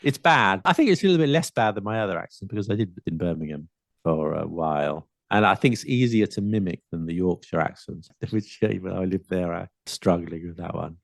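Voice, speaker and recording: Gravelly southern English man, lively chat. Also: low-pitched, a little fast, dry recording, clean studio sound. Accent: southern English, slight London. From south of England. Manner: lively, animated, mimics accents playfully. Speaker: podcast host. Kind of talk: casual chat about accents.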